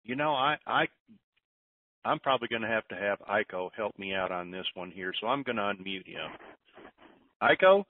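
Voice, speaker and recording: A man's voice: lowish voice, a little fast, dry recording. A man hosting a conference call, giving folksy advice and often restarting his sentences. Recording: tinny phone line.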